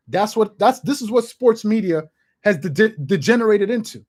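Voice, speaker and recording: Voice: mid-range voice, lively intonation, normal speed, a little mellow. Emphatic thirty-something sports vlogger. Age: 30s. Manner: emphatic and repetitive, hammering points home. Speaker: sports channel host. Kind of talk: sports opinion commentary.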